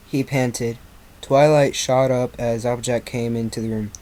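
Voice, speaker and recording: A man reading a fan fiction story aloud in an amateur way, halting with slips and restarts. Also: mid-range voice, steady tone, dark tone.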